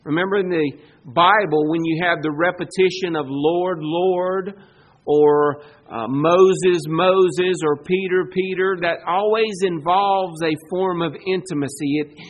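Male pastor, high-pitched, dramatic sermon delivery with big swings in loudness. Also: steady tone, measured pace.

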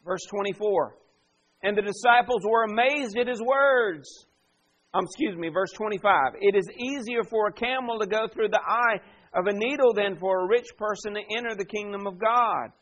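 A male pastor delivers a sermon with a fairly high voice for a man. He preaches with forceful emphasis, pressing his points and asking the congregation questions. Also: normal speed, lo-fi sound.

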